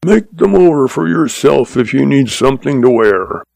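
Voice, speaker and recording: A man voicing a gruff, bullying older stepfather who roars his words out slowly and rudely. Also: mid-range voice, darkish tone, dry recording. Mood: harsh bullying. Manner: roaring, slow and rude.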